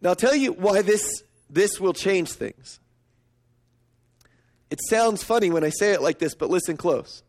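A middle-aged man preaching a sermon, emphatic and storytelling, swinging up to excited peaks. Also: unhurried, pauses often. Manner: storytelling, emphatic, rising to high excited pitch. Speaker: pastor.

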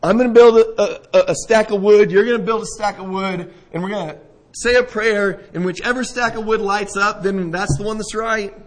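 A man's voice: sits high, fairly even intonation, moderate pace, rough recording. A man preaching a sermon, retelling a scripture story vividly and asking his listeners questions. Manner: storytelling, asks listeners questions, acts out scenes. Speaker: pastor.

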